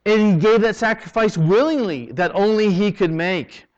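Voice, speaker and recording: Preaching at a moderate pace in a voice that sits high, a Canadian pastor alternates loud, emphatic passages with hushed moments. The recording is dull and lo-fi.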